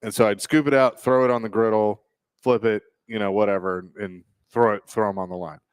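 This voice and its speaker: A man's voice: on the low side, steady tone, brisk, clear, resonant tone, no room sound. A male radio host in casual banter, telling a rambling story into a studio microphone with chuckles.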